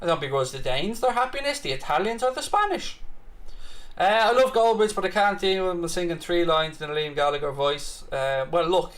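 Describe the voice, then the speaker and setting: An Irish man with a high-pitched voice hosts a live football watchalong. He talks in a loose, excitable way, cursing freely and answering viewers' comments off the cuff. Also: brisk. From Ireland. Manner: excitable, chatty, swears freely, rants back at comments. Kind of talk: live casual match commentary and viewer chat.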